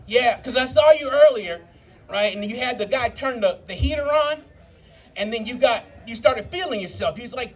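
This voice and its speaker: A man's voice: extremely high pitch, brisk, breathy edge. A man in his fifties doing a live stand-up set, telling profane stories and working the crowd. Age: 50s. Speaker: stand-up comedian. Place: live brew pub comedy show.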